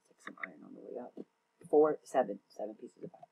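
A man's voice: mid-range voice, animated, quick pace, a little mellow, slight background noise. A young man casually commenting on his own gameplay, rambling, self-mocking and often tongue-tied. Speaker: gaming channel host.

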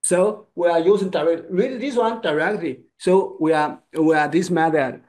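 A male Chinese pronunciation teacher whose first language is Chinese, speaking English in short broken phrases and modeling sounds slowly. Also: on the high side, darkish tone. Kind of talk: one-on-one lesson.

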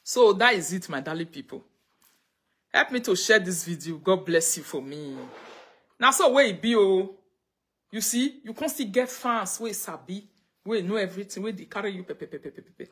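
A woman's voice: medium pitch, expressive, moderate pace, fairly bright tone, husky. A woman with a Nigerian Pidgin accent hosting a casual live stream, greeting viewers and chatting, sometimes breaking into chanted prayer lines, speaking into a phone. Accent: Nigerian Pidgin English.

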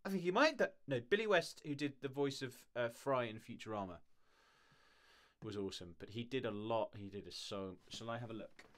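A man's voice: medium pitch, brisk, fairly bright tone. A man who works as a voice actor, chatting casually on a live stream, rambling and laughing often.

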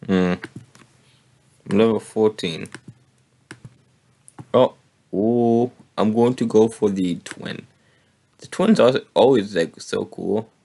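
A man hosting a gaming video, casually commenting on his play, his voice a bit hoarse. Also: on the low side, takes it slowly, pauses often. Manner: relaxed, thinking aloud while playing. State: slightly hoarse.

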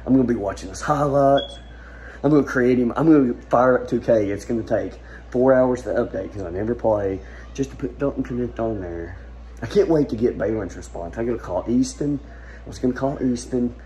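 A man filming an excited sports reaction video at home at night, overexcited and repeating his exclamations. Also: mid-range voice, brisk, slight background noise. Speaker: sports fan vlogger.

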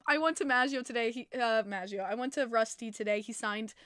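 A chatty woman hosts a casual livestream, her voice bright and a little high. She talks loosely, with plenty of fillers, and laughs often. The sound is dry and close to the mic. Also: brisk, clean tone, no room sound. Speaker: podcast host.

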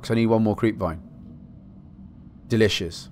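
A man from Britain giving excitable, swear-heavy let's play commentary, talking to himself as he plays. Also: fairly low pitch, normal speed, slight background noise. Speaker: gaming channel host.

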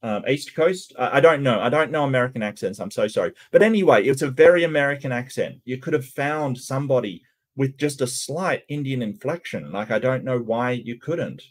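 A man's voice: mid-range voice, animated, brisk. A man hosting a channel, giving casual reaction commentary in a hesitant way, with lots of stammered restarts and ums. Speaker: channel host reacting to cartoon clips.

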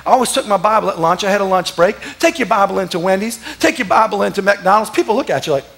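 A man, a pastor telling stories in a sermon, animated and laughing, sometimes breaking into shouts. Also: high voice, quick pace, vocal fry. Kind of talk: sermon storytelling. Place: church.

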